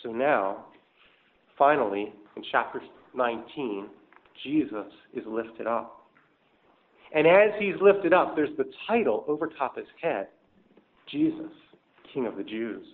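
A man's voice: mid-range voice, animated, slow, pauses often. A man preaching a sermon, laying out numbered points and explaining each one, lifting his voice when he stresses a point. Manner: structured, explanatory, rises for emphasis. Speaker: pastor. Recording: tinny phone-like audio.

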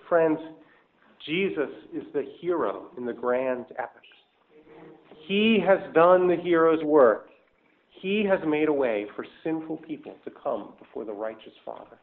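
A man preaching a sermon in a somewhat high voice, working through numbered points one at a time and explaining each. He lifts his voice to stress key words. The sound is thin and narrow, like a phone line. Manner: structured, explanatory, rises for emphasis. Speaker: pastor. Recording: tinny phone-like audio.

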